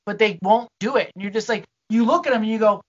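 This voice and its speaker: A man's voice: high-pitched, fast. Man venting with rambling profanity, lo-fi. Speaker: restaurant worker. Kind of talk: casual chat.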